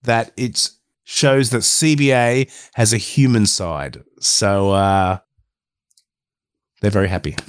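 A man co-hosting a casual podcast, telling animated stories with swearing and acted-out quotes. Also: lowish voice, slow, clean tone. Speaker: podcast co-host. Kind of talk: casual chat, storytelling.

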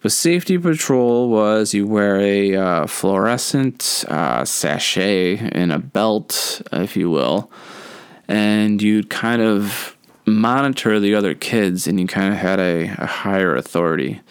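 Low, smooth-voiced man telling stories. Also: takes it slowly, no echo. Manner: relaxed, rambling, with many fillers and self-corrections. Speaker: podcast host. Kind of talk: casual solo storytelling.

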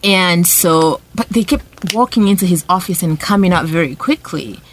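A woman's voice: fairly low pitch, moderate pace, slight background noise. A woman from Uganda, co-hosting a podcast and telling a personal story in a casual group chat, often asking "right?". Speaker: podcast co-host.

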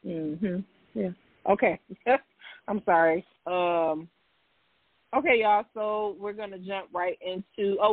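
A woman's voice: mid-range voice, measured pace, dry recording. A woman co-hosting a casual talk show, speaking frankly and emphatically, repeating herself for stress. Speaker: podcast co-host. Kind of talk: candid casual chat. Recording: tinny phone-like dry sound.

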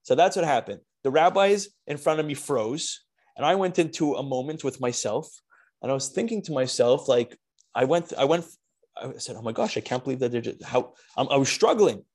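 Man, storyteller on a video call, animated delivery with pitch that swings widely. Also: fairly quick. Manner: animated storyteller, restarts and Yiddish words. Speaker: speaker at an online charity talk. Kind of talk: storytelling talk.

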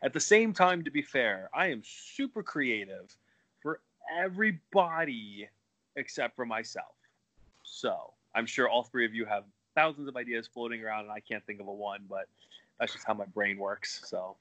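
A man's voice: mid-range voice, expressive, normal speed, bright, forceful tone. A man, a wrestler guest on a podcast, chatting casually in a rambling, profane way and laughing at himself. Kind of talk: casual chat.

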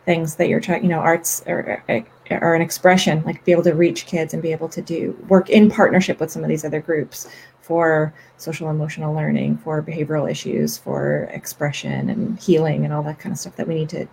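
A woman's voice: deep voice, flat delivery, a little fast, creaky, darkish tone, slight background noise, low-quality recording. A woman in a casual discussion speaking earnestly, repeating words as she searches for them.

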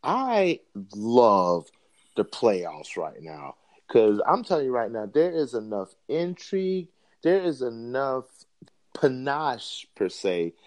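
A man's voice: medium pitch, very animated, slow. A man co-hosting a sports podcast, playfully teasing and laughing often. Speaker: podcast co-host. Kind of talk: casual sports banter.

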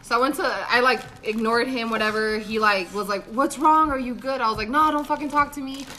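A young woman with a bright, forceful voice, a little higher than most. She tells stories in loose, casual chat, often acting out what people said. She swears freely and laughs a lot. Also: fairly quick, a little hiss or hum. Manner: animated, swearing, acts out quotes, laughs often. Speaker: podcast co-host.

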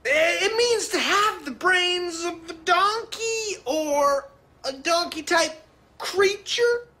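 A man putting on a pompous, snooty know-it-all voice as a comic podcast bit, explaining slowly and over-precisely. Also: very high-pitched, expressive, bright, forceful tone, pitched above the performer's own voice, full character voice. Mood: haughty.

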